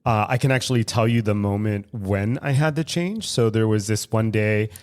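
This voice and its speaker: A man telling a personal story as guest co-host on a casual podcast, animated, laughing often and swearing. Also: lowish voice, normal speed. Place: recovery club room in San Francisco.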